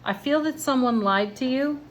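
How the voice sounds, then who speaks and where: A woman giving a tarot card reading in a gentle, encouraging, spiritual manner. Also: high-pitched, normal speed, a little hiss or hum. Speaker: tarot reader.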